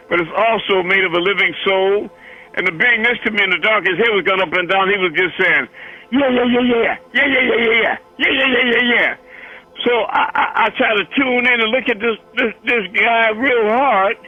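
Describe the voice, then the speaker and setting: A man's voice: sits high, dull audio. A man tells his personal visions to listeners. His talk is colloquial and repetitive, full of stammered restarts and asides like "you follow me?". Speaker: spiritual teacher leading a call-in meeting. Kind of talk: rambling personal storytelling to listeners.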